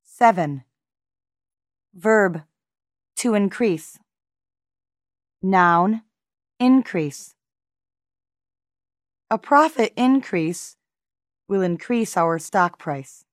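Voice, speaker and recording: A woman reading language lesson examples in a measured way, enunciating each word carefully and pausing between words. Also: mid-range voice, lively intonation, dry recording, clean studio sound. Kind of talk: slow, deliberate lesson reading.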